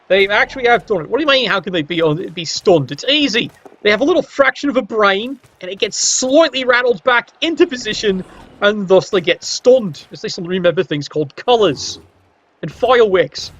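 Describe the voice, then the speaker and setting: A man's voice: high-pitched, a bit bright. A man doing casual play-by-play commentary on a fantasy sports match, wry and joking with a playfully biased slant. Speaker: game commentator. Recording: dull lo-fi recording.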